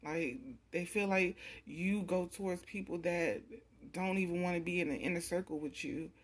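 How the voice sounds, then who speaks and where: A woman's voice: lowish voice, steady tone, normal speed. A young woman doing a casual pick-a-card tarot reading, talking bluntly and with a lot of cursing straight to the viewer. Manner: blunt, profane, repetitive, talks straight to the viewer.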